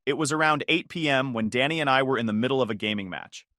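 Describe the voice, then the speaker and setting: A man's voice: medium pitch, fast talker, pushed and bright, no room sound, studio quality. A man narrating a first-person story in a scripted, dramatic way.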